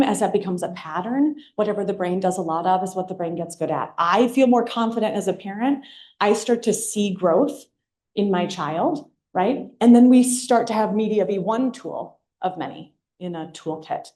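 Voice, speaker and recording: A woman leads a workshop in a meeting room and talks to her audience in a conversational way. Her voice is mellow and warm, and she keeps checking in with a quick "right?". The sound is roomy, with an echo off the walls. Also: mid-range voice. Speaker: workshop presenter. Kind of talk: workshop talk to a live audience. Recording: echoey room.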